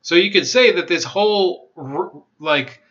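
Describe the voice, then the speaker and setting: A man giving casual commentary, reading an article aloud and rebutting it with halting restarts and wry asides. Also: sits high, expressive, fairly bright tone. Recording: dull lo-fi sound.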